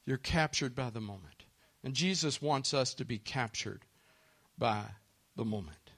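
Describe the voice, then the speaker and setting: Guy preaching a sermon, mid-pitched voice, earnest, keeps asking the crowd questions. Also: a little slow, a bit bright, husky. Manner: earnest, asks listeners questions, acts out quoted voices.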